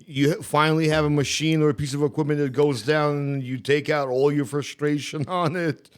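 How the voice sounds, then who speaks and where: A man co-hosting a podcast, talking casually and hesitantly, with frequent uh pauses. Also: fairly high pitch, steady tone, smooth. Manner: hesitant, lots of uh fillers.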